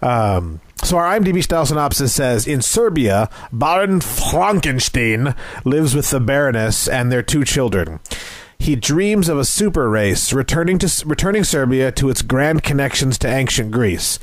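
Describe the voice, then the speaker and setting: A man's voice: mid-range voice, big pitch swings, normal speed, no room sound. Crude, joking man with a dry sound. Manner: crude, jokey, rambling with many fillers. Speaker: podcast co-host. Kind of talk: casual movie review chat.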